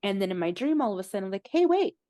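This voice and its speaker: A woman telling a personal story in a halting way, with many "like" fillers and moments where she loses her words. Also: mid-range voice, expressive, darkish tone, no echo. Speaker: interviewee recounting a near-death experience.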